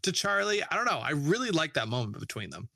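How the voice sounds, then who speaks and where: A man's voice: on the high side, sing-song, fast, creaky, a crowd in the background. A man co-hosting a film podcast, speaking casually and hesitantly as he searches for words. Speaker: podcast co-host.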